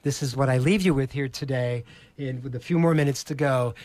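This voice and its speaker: A male presentation skills coach on a podcast, explaining voice technique slowly and deliberately, and demonstrating exaggerated inflections. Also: medium pitch, darkish tone, no echo. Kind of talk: teaching voice technique in a podcast interview.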